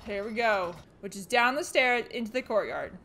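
High, bright-voiced excitable woman gamer. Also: normal speed, a little hiss or hum. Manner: excitable, jumpy, talks back to game characters and shrieks when scared. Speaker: video game streamer. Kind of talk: let's play commentary.

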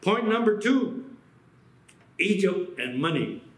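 A man from the United States preaching a sermon as pastor, animated and acting out quoted voices. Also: high voice, slow, reverberant, low-quality recording.

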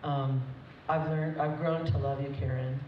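A woman's voice: low voice, steady tone, a little slow. A woman, the groom's mother, giving a chatty, emotional, unscripted wedding toast with frequent laughs. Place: wedding reception hall. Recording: echoey dull hall recording from far off, crowd noise.

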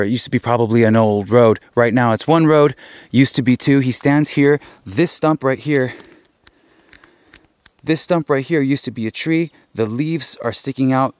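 A man's voice: medium pitch, no room sound. Winded guy on a mountain trail, explaining stuff as he walks, dry sound. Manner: explains while pointing things out. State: out of breath. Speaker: host, investigator. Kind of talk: casual on-site walkthrough.

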